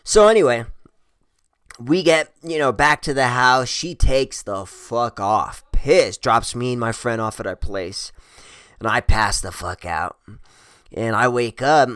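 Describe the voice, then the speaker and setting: A man's voice: medium pitch, a little slow, a bit bright, clear, resonant tone, no echo, clean studio sound. A man telling a wild personal story in casual, rambling style, swearing constantly and chuckling at himself.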